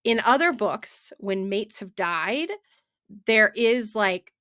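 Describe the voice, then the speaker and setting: This podcast co-host is a woman with a medium-pitched voice who talks slowly yet animatedly about books, often using fillers and starting over. The sound is clean studio audio without any room sound.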